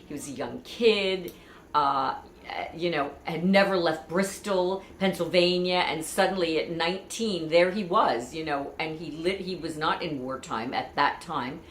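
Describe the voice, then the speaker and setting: A woman's voice: deep voice, measured pace, slight background noise. A woman chatting through family memories in a meandering, conversational way, full of asides. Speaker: vlogger. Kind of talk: personal storytelling. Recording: echoey room.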